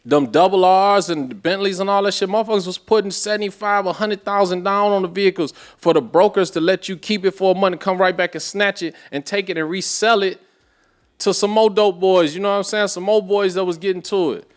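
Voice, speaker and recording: A man's voice: high-pitched, a little fast. Slangy, profane man telling stories. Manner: animated, profane street slang. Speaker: podcast guest. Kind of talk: casual storytelling.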